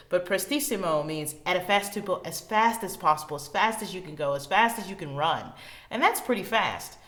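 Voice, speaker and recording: A woman music teacher giving a recorded lesson to children, chatty and enthusiastic, speeding up and slowing down to show tempos. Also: fairly low pitch, a bit bright. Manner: chatty, uses everyday examples.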